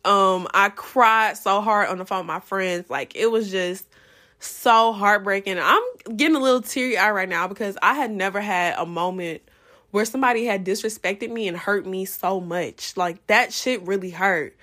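A young woman hosting a podcast, telling a personal story in a casual, profane, animated way and jumping into loud re-enacted quotes. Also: medium pitch, moderate pace. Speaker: podcast host.

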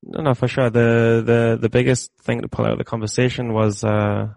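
Male guest, gravelly and dry, plain-spoken, repeats himself. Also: medium pitch, level tone, moderate pace, darkish tone, dry recording. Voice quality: frank, repeats his phrases. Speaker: podcast guest. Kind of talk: casual chat.

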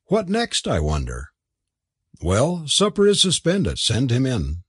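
A man's voice: mid-range voice, huge pitch swings, slow, breathy edge, no room sound, studio quality, heavily acted. A man voicing a genial, talkative older male antiquarian who hosts a supper. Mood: chatty.

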